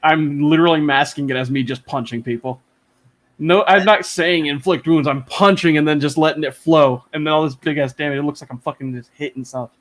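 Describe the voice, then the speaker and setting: A man with a slightly high voice talks over a video call from home. He rambles excitedly and swears freely as he chats as a guest. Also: a little fast. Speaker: interview guest. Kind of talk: casual chat.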